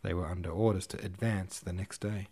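A relaxed male narrator reading a classic novel aloud. His voice sits on the low side, and he keeps his delivery plain and informal. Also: brisk, slightly rough. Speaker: host and audiobook narrator. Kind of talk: audiobook narration.

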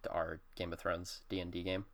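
A man co-hosting a casual podcast who runs tabletop games, speaking hesitantly with many pauses and restarts. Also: deep voice, little pitch movement. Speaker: podcast co-host, game master. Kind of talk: casual chat.

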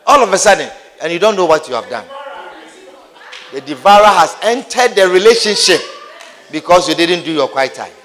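Male preacher with a high voice and a repetitive, scene-painting style, recorded in a hall with a long echo tail. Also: expressive, moderate pace, a bit bright. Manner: acts out scenes, repeats phrases for emphasis. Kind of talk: sermon.

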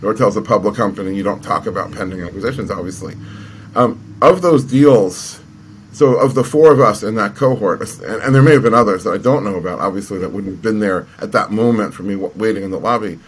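A man's voice: lowish voice, a little fast, breathy edge. A man telling a long story in conversation, rambling with frequent restarts and fillers. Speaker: entrepreneur guest.

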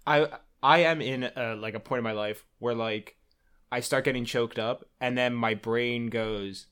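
A man chats casually on a podcast and drops wry, quick asides. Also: medium pitch, steady tone, a bit bright, clear, resonant tone. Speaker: podcast co-host. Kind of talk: casual chat.

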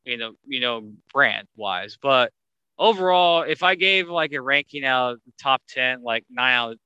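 A man hosting a casual sports podcast, talking in an animated way that gets higher when he drives a point home. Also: moderate pace, smooth, no echo, lo-fi sound. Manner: animated, rising pitch when making a point. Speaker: podcast host.

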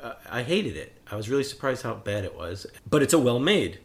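A man co-hosting a casual chat, an animated storyteller who acts out quotes and laughs often. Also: medium pitch, a little fast. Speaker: podcast co-host.

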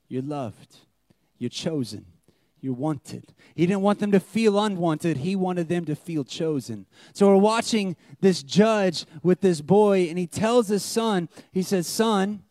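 A man, preaching a sermon, moving between loud, lively retelling and hushed, slow, tender lines. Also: high-pitched, no room sound, clean studio sound. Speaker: pastor.

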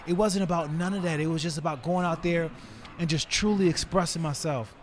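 A man in his forties, a retired fighter, tells stories as a podcast guest in an animated, casual way, with many fillers. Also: on the high side, brisk, a little hiss or hum. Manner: animated, filler-heavy, acts out scenes with raised voice. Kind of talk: casual storytelling in conversation.

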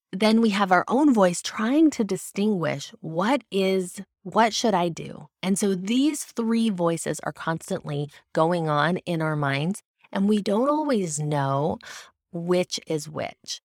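A woman speaks in a somewhat low voice, earnest and explanatory as she teaches about faith. The recording is dry and close, with no room sound. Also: no echo. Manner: earnest, explanatory, with occasional restarts. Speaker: devotional speaker. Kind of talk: faith-based teaching talk.

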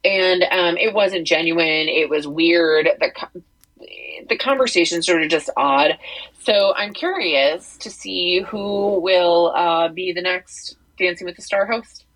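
Woman podcast co-host, low-pitched and husky, casual rambling chat full of "um"s. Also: takes it slowly, fairly bright tone, poor audio. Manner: rambling, many fillers and restarts. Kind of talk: casual chat about entertainment news.

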